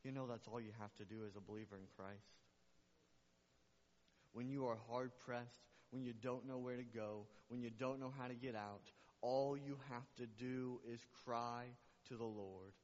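A man preaching a sermon in a large church hall, his voice ringing with a long reverb. The sound is dull and muffled. He climbs to loud, emphatic peaks, then drops soft and low, repeating his questions back to the congregation. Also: steady tone, moderate pace. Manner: repetitive call-and-response preaching. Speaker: pastor.

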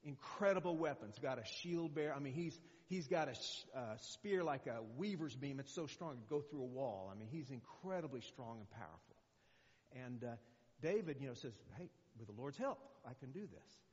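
A man's voice: medium pitch, expressive, normal speed. A man in his sixties preaching as a guest speaker in a conversational, rambling way, full of fillers and restarts. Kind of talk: sermon. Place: church hall. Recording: muffled echoey church recording.

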